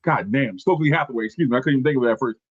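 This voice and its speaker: A man's voice: medium pitch, racing, highs cut off, a crowd in the background. A man co-hosting a wrestling podcast in casual, slangy chat, laid-back and sometimes searching for names. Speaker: podcast co-host.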